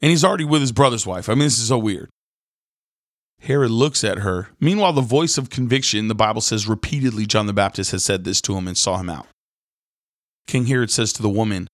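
A male podcast host and preacher retells a Bible story in a casual, slangy sermon style, animated as he acts out the characters in quotes. His lowish voice moves fairly quickly, with clean studio sound and no room sound.

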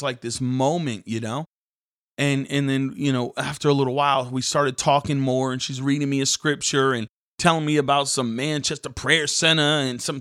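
A man hosting a devotional podcast, telling a story in an animated, casual, preacher-like way. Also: mid-range voice, no echo, studio quality. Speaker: podcast host.

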